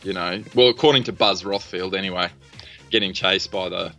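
A wry, laid-back Australian man co-hosts a casual podcast chat, filling his talk with ums. His low voice has a bright, forceful edge, and faint music plays behind. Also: brisk, creaky. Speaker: podcast co-host.

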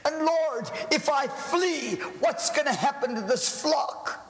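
A desperate village pastor cries out in prayer, as a male preacher acts him out, high and strained, pleading and climbing into shouts. The words come slowly and heavily. A long hall reverb trails after each line. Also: lively intonation, full character voice.

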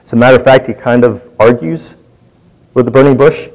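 A man's voice: medium pitch, fairly quick, a little mellow, rough recording. A man leading a Bible study, teaching in a conversational way and putting questions to his group.

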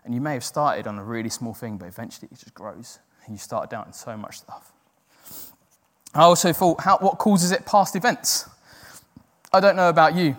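A man's voice: a little high, normal speed. A man preaching a sermon in an earnest, self-deprecating way, acting out the doubting voices in his head. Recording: long hall reverb.

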